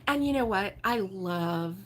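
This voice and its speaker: A woman from Baltimore hosting a relaxed morning livestream, chatting and giggling as she reads viewer comments aloud. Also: medium pitch, unhurried, a little hiss or hum. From Baltimore, USA. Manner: chatty and giggly, with frequent fillers and laughs. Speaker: host of a crochet livestream. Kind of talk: casual morning chat reading viewer comments.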